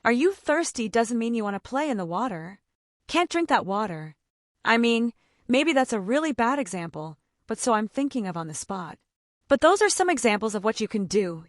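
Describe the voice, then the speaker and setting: A mother of autistic children gives casual advice in a chatty way, filling her speech with "like" and acting out the conversations she describes. Her mid-range voice has a sing-song quality and a moderate pace. The recording is clean studio sound with no room sound.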